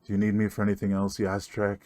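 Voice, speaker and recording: A man voicing a tired, defeated young male dwarf who speaks flatly, in tabletop role-play. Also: lowish voice, fast talker, natural voice.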